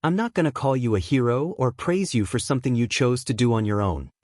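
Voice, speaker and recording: A man's voice: mid-range voice, lively intonation, fairly quick, darkish tone, no room sound, studio quality, natural voice. A man reading fan fiction aloud and voicing an earnest young man's ghost who pleads and defends himself. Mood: pleading.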